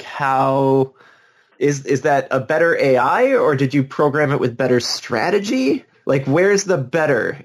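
A man co-hosting a podcast in casual chat, animated and teasing, talking in quick bursts. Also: mid-range voice. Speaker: podcast co-host.

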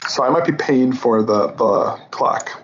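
A man's voice: medium pitch, unhurried. Chatty man on a dull lo-fi line. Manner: chatty, meandering storyteller. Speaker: podcast co-host. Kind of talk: casual chat. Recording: dull lo-fi line with faint hiss.

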